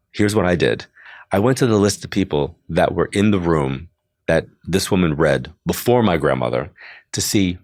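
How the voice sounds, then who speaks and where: Older male medium, very deep and close-miked, chatty storyteller who acts out voices in his anecdotes. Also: no room sound. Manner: chatty, full of "like" asides. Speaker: psychic medium. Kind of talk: interview storytelling.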